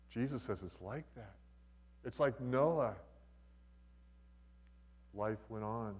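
A man's voice: medium pitch, takes it slowly, long pauses, darkish tone, breathy edge, long reverb tail, highs cut off. An older man preaching a sermon as a pastor, in a conversational, folksy way with humorous asides.

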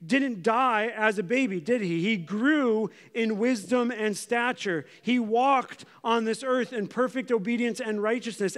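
A male pastor with a high voice gives a sermon in a church. He speaks in a casual, conversational way and often stops to ask his listeners questions. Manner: conversational, uses props and questions the congregation.

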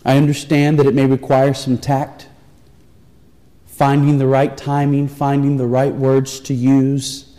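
A man preaching a sermon, telling a story with earnest, pleading warmth. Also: mid-range voice. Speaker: pastor. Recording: long reverb of a large hall.

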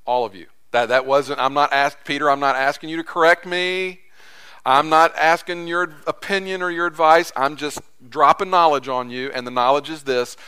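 A man's voice: on the high side, fairly even intonation, moderate pace, pushed and bright, clear, resonant tone. A man voicing Jesus as a firm man bluntly telling a disciple he is never wrong. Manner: blunt, matter-of-fact, emphatic. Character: Jesus, firm adult man stating facts.

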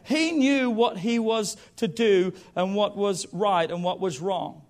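A man in his thirties delivering a sermon with a notably high voice. He talks directly to the congregation, breaking off for playful asides before pressing his point. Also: takes it slowly. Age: 30s. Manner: lively, jokey asides to the congregation. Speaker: preacher.

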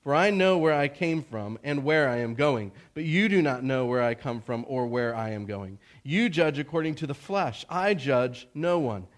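A man reading aloud the words of a calm, authoritative male teacher in a measured, plain way. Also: medium pitch, close to an everyday voice. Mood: solemn.

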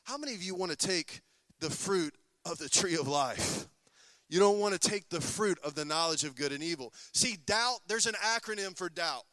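A man's voice: high voice, animated, normal speed, bright, forceful tone, no echo. A man preaching a sermon as pastor, often asking the congregation call-and-response questions.

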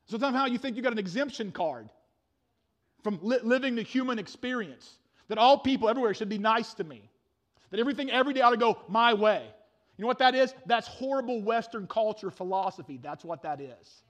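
A male pastor preaching a sermon with passion, swinging from loud declarations to hushed intensity, with frequent stammering restarts. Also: very high-pitched, lively intonation, normal speed, pauses often.

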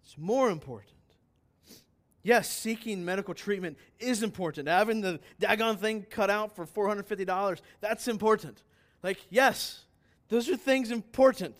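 Man, pastor, high-pitched voice, emphatic sermon, rhetorical questions, loud-to-quiet swings. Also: normal speed.

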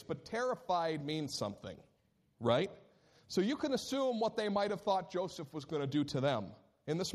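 A man preaching a sermon as pastor, telling a scripture story with animated delivery and acted-out moments. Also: high voice. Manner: animated storytelling, acting out scenes.

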